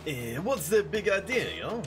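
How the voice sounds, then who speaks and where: A swaggering young punk from a video game snaps insults in a loud, high voice, as a man puts him on. He fakes a French accent, and the faint music underneath carries on. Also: animated, a little slow, natural voice. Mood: brash. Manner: shouty insults, mock-French accent attempt. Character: brash young male punk, rude and swaggering.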